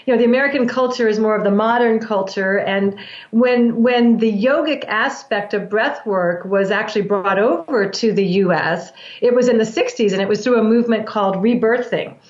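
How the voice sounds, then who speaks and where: A woman breathwork practitioner with a somewhat high voice talks in an interview. She explains calmly and steadily, often circling back to restart a thought. The recording sounds roomy and a little muffled. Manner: calm, measured explaining with frequent restarts.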